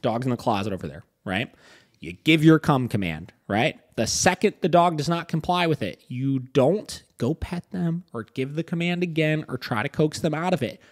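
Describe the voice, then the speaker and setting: A man's voice: a little high, animated, normal speed. A man who is a dog trainer, talking casually and emphatically on a podcast and often checking in with "right?". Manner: emphatic, keeps asking "right?".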